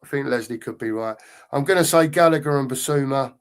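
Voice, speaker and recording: A man's voice: medium pitch, fairly quick, clean tone. A middle-aged man co-hosting a football fan channel, chatting loosely on a live stream and reading out viewer comments. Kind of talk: casual live-stream chat.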